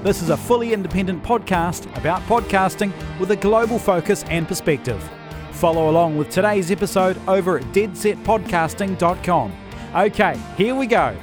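A man's voice: sits high, normal speed. A man reading a podcast's scripted intro in a polished announcer voice. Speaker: show announcer. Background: guitar music.

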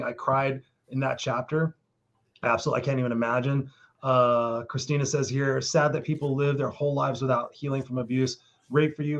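A man hosting a live interview, reacting warmly and reading viewer comments aloud, choked up at times. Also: medium pitch. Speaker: host of live stream.

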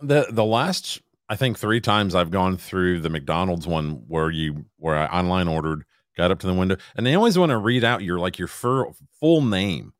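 A man's voice: deep voice, lively intonation, normal speed, few pauses, dry recording, clean studio sound. A man co-hosting a casual podcast, complaining in a sweary, exasperated way. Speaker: podcast co-host. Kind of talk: casual chat.

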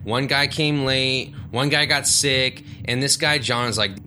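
A man of thirty telling a story in a casual, animated way, acting out the voices of the people he quotes. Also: medium pitch, a little slow, few pauses.

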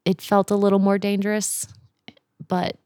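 A young woman telling a camping story in casual chat, animated, laughing often and swearing freely. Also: mid-range voice, normal speed, no room sound, studio quality.

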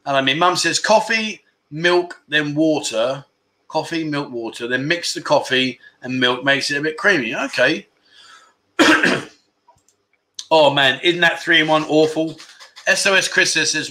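Man, bright voice, slightly high, jokey livestream host reading comments. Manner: jokey, chatty, asks viewers questions. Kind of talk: casual livestream chat, reading viewer comments. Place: home in Thailand.

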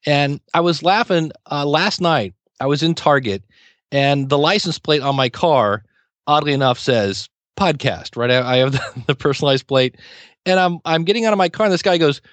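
A middle-aged man, a podcasting teacher, chatting as an interview guest and telling lively anecdotes with acted-out quotes. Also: fairly high pitch, normal speed, no room sound. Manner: chatty storyteller, acts out quoted exchanges. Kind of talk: casual interview talk.

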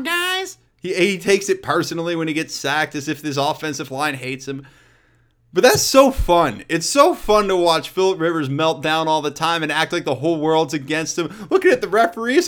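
A man hosting a casual solo sports talk show, blunt and profane, riffing with loud and quiet swings. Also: a little high, clear, resonant tone.

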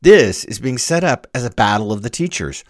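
A man giving an informal literature lecture, reading passages aloud and breaking off to comment on them in an animated way. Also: medium pitch, normal speed, no room sound, studio quality.

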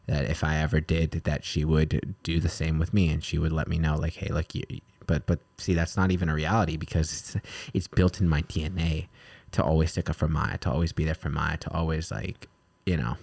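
A man co-hosting a podcast in casual chat, blunt and profane, getting animated when quoting himself. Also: extremely low pitch, a little fast, gravelly, few pauses, no echo. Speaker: podcast co-host. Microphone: podcast microphone.

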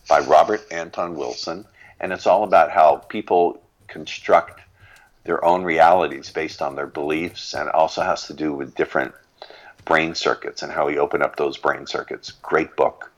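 A middle-aged man, a business consultant, giving an expressive interview as a guest, laughing often and spelling out names and words. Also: very deep voice, normal speed, lo-fi sound. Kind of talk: interview conversation.

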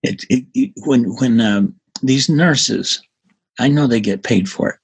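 A man in his seventies, a guest in a casual interview, telling stories in an energetic, emphatic way. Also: mid-range voice, unhurried, husky. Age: 70s.

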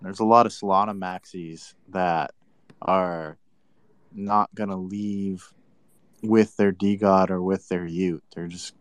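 Combative low-voiced man in casual chat. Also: clear, resonant tone, no room sound. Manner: combative, teasing, mock-annoyed. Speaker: crypto commentator.

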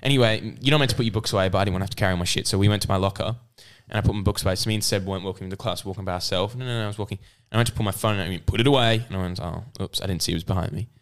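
Teen male co-host, quick low voice, excitable storyteller; podcast chat. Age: teens. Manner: animated storytelling, mimics others with sudden high-pitched outbursts. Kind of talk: casual chat.

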